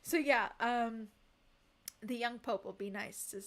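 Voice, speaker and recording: A woman with a high, bright, sharp voice, chatting casually on a livestream and answering her chat. She talks emphatically and expressively, with frequent laughter. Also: a little slow. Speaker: streamer.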